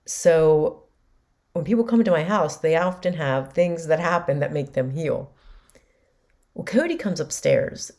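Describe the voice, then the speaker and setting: Low-voiced woman telling a personal story. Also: expressive, a little slow, mellow. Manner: candid, conversational. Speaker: podcast host.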